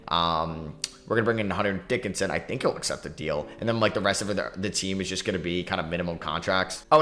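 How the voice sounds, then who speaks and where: A young man giving excitable, quick commentary on his own basketball video game, talking to himself as he plays. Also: lowish voice. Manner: excitable, talks to himself while playing. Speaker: gaming YouTuber.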